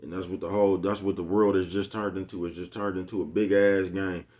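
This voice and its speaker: A man's voice: low voice, level tone, a little fast, darkish tone. A man ranting to camera in a rambling, profane way, full of slang and repetition, always checking if you get him. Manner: rambling, profane, keeps asking "you know what I'm talking about"; streetwise slang, repeats himself. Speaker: vlogger. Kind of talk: unscripted rant to camera.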